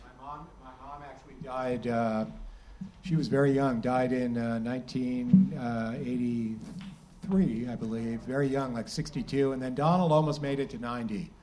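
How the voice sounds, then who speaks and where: Halting, mellow-voiced man. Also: medium pitch, fairly even intonation, slight background noise. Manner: halting, reflective. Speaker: guest answering questions. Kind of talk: casual onstage answer. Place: live theater stage.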